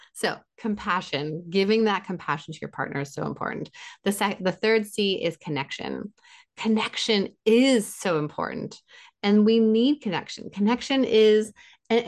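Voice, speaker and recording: A woman giving relationship advice in a conversational interview, animated and acting out what partners say, with frequent laughs. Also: medium pitch. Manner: animated, acts out quoted partners, laughs often. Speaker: relationship expert guest.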